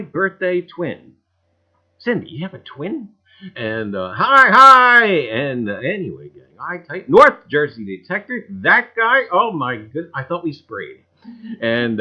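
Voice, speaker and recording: A man's voice: a little high, muffled recording. A man hosting a casual livestream, greeting viewers by name with jokey asides and a habit of saying "I tell you.". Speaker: livestream host.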